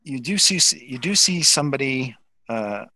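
A man's voice: medium pitch, lively intonation, normal speed, pushed and bright, no room sound, poor audio. A man narrating as dungeon master in a tabletop game, describing scenes in a rambling way with many fillers.

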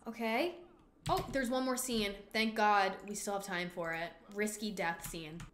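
An excitable woman talks through her game, dramatic and quick to swear. Her voice is bright and forceful, recorded in an echoey room with a faint hiss. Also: medium pitch. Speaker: gaming channel host. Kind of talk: casual gameplay commentary.

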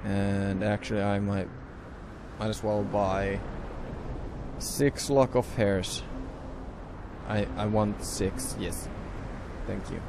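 A young man giving casual gameplay commentary who swears a lot and bursts out loudly at sudden mishaps. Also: fairly low pitch, fairly even intonation, takes it slowly, pauses often, noisy background. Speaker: let's play host.

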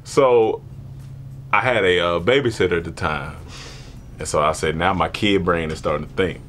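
A man telling a comedic childhood story in casual chat, animated and laughing often, acting out voices. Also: deep voice, normal speed, a little hiss or hum. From born in Germany, grew up partly in Panama.

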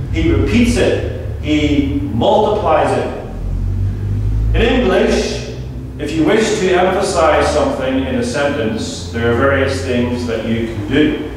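Male pastor, emphatic sermon delivery, long hall reverb, faint room noise. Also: on the high side. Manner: emphatic preaching, repeating key words for stress. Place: church. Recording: echoey church hall from far off.

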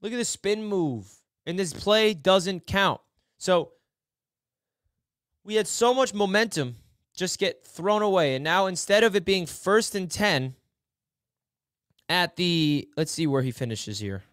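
A man hosting a casual football film breakdown, excitable, dropping to low mutters and then shouting in frustration or delight. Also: unhurried, long pauses, smooth, no echo, clean studio sound. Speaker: sports film breakdown host.

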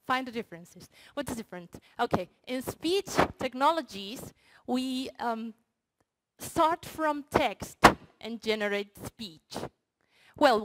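A woman's voice: on the high side, noisy background. A woman researcher giving a short, playful research talk that addresses the audience directly. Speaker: researcher presenting her project. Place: university hall before an audience.

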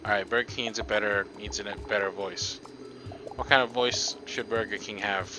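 A man's voice: lowish voice, steady tone, moderate pace, low-quality recording. A young man streaming a video game, chatting along in a goofy, playful way with silly riffs and honking noises. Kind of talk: live game commentary. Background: game music.

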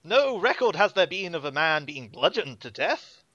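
Man plays a wary, formal manor official, somewhat high and lively, flat dry recording. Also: moderate pace, no echo, muffled recording.

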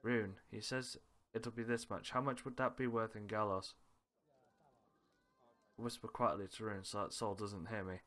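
A man with a fairly low voice reads a visual novel aloud, playing every part himself. He moves from one character to the next and drops in small laughs and asides along the way. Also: level tone, normal speed, a bit bright. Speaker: let's play host reading a visual novel aloud. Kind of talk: reading game dialogue aloud with light character voices.

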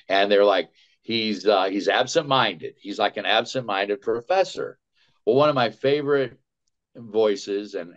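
Low-voiced man telling showbiz anecdotes. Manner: chatty, animated anecdotes with quick asides. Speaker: voice actor guest. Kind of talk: casual storytelling. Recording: dull lo-fi sound.

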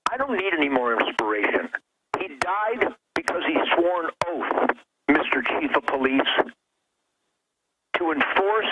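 A man's voice: on the high side, big pitch swings, unhurried, pauses often. An older man speaking as a guest on a political talk radio show, fiery and emphatic, stumbling over repeated words in bursts. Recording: muffled lo-fi radio line with noise.

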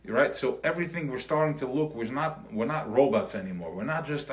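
An animated man with a mid-range voice teaches a small group at a moderate pace, loose and conversational. He sprinkles Yiddish terms into his sentences, keeps checking that everyone follows, and acts out everyday scenes in voices of his own during this live recorded Chassidic class.

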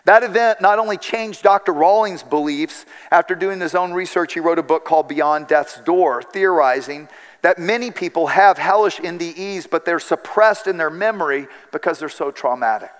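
A man preaching a sermon with a high, light voice and earnest storytelling, acting out the lines he quotes. His voice rings with a long reverb through a large church hall. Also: moderate pace.

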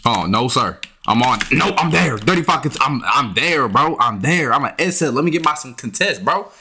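Frustrated young gamer, lively swooping voice. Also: male voice, mid-range voice, normal speed, noisy background. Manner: frustrated, trash-talking, yelps up when annoyed. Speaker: gaming YouTuber. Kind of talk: casual gameplay commentary. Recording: faint keyboard and mouse clicks.

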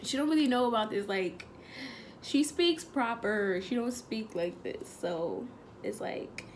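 A woman's voice: on the high side, measured pace, slight background noise. A young woman chatting casually in a prank vlog, slangy and swearing, often giggling. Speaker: vlogger.

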